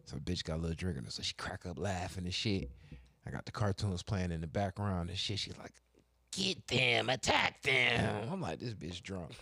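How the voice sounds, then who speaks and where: A man telling crude stories in casual chat, animated and profane, acting out both sides of conversations. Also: low-pitched, brisk, slightly rough, no room sound. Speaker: podcast co-host telling stories.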